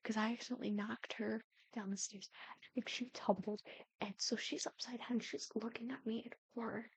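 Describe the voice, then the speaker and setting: A woman's voice: fairly high pitch, steady tone, moderate pace, background noise. A young woman in her twenties telling family stories in a casual chat, often dropping into a whisper. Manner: chatty, often drops to a whisper. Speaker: Sims builder and storyteller. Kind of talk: casual storytelling over gameplay.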